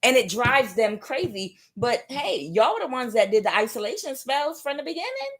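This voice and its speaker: A woman's voice: high voice, sing-song, normal speed. A woman giving a casual spiritual tarot reading, talking emphatically and repetitively straight to her audience, with chuckling asides. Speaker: tarot reader.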